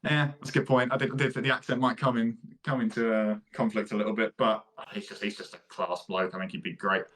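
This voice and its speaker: A young man co-hosting a casual podcast, relaxed and easygoing, bantering with laughs. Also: lowish voice, fairly quick. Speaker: podcast co-host. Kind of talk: casual chat.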